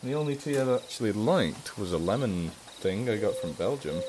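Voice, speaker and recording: A man's voice: lowish voice, expressive, moderate pace, noisy background. A young English man chatting casually on a charity live stream, rambling and self-mocking. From England.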